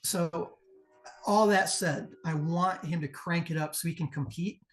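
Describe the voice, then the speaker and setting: A man's voice: fairly high pitch, unhurried. A man with a Midwestern American accent judging wrestling promos in a blunt, profane, candid critique. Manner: blunt, profane, acts out crowd chants. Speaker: promo competition judge.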